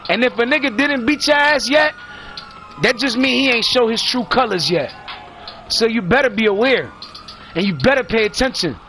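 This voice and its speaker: A high-pitched man with a bright, cutting voice rants bluntly, swearing hard and lecturing his audience. Faint music sits under his talk. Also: lively intonation, normal speed. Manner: blunt, heated, preachy, heavy swearing and slang. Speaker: father ranting on a vlog. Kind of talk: profane monologue rant.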